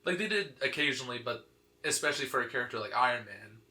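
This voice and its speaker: An animated man tells a comic story to a friend in loose, casual chat, dotted with fillers and laughter. His voice is bright and forceful, sitting at an ordinary pitch for a man. The recording rings with noticeable room echo. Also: fast talker. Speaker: podcast host. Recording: echoey room.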